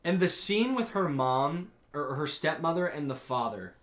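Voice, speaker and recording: Animated young man recapping an anime. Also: fairly high pitch, normal speed, roomy sound. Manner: animated recapping, reads out scene quotes, swears freely. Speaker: podcast co-host. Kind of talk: casual chat.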